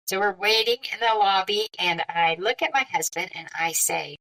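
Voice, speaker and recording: Bright-voiced middle-aged woman telling her story. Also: medium pitch, normal speed, distant mic, poor audio. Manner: lively, conversational, with frequent quoted dialogue. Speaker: podcast guest. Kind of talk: personal storytelling.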